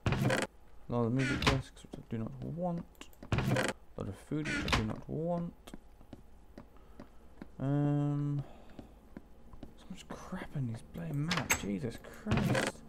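Slow, gravelly young man. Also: fairly high pitch, lively intonation, heavy background noise. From Wales. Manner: mutters to himself, swears casually. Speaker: gaming channel host. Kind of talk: let's play commentary.

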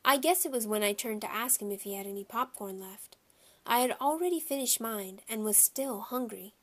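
A woman reading a children's chapter book aloud, telling the story in a clear, lively way. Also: on the high side, normal speed. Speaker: audiobook reader.

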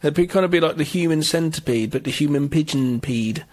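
A man's voice: on the high side, brisk, darkish tone. A man co-hosting a casual podcast, rambling jokily and swearing casually. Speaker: podcast co-host. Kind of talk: casual chat.

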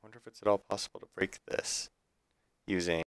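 A man's voice: low voice, steady tone, brisk, no room sound. A man streaming a building game live, thinking aloud in a chatty, self-correcting way. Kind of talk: live gameplay commentary.

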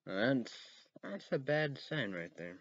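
A man reading news headlines aloud and ranting about them in a rambling, casual way, breaking into loud outbursts and cursing. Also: mid-range voice, big pitch swings, lo-fi sound. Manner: reads headlines slowly, then rants loudly with cursing.

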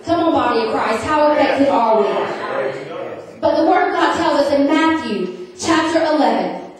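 A woman's voice: sits high, animated, moderate pace. A middle-aged woman preaching a revival sermon, telling funny stories and calling for amens from the congregation. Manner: humorous, emphatic, asks the crowd for amens. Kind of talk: storytelling sermon with call and response. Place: large church sanctuary. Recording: very echoey hall, distant mic.

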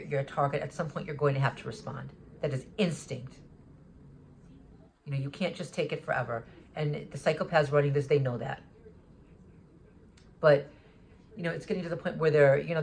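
A vlogger talking in an agitated, rambling monologue, often restarting sentences and swearing. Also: mid-range voice. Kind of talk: monologue recounting an encounter.

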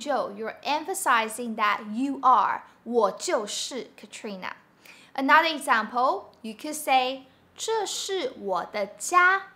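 Upbeat lady teacher going over chinese grammar, high and bright voice. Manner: upbeat, explains slowly with examples. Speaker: Mandarin teacher. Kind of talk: online language lesson.

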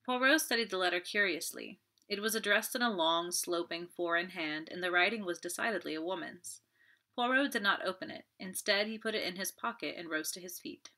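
A woman reading a novel aloud as an audiobook, steady storytelling with friendly asides. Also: lowish voice, fairly quick. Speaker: audiobook reader. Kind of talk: audiobook narration.

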